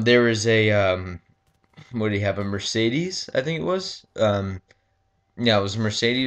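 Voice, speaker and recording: Guy, slightly low voice, halting casual storyteller who says um constantly and swears loosely. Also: a bit bright, clean tone. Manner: rambling, halting, full of ums and likes. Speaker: gaming commentator. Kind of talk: casual storytelling over gameplay.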